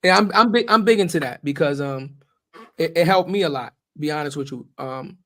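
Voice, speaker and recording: A man's voice: on the high side, brisk, bright, forceful tone. A man hosting a podcast, talking frankly and casually, swearing freely.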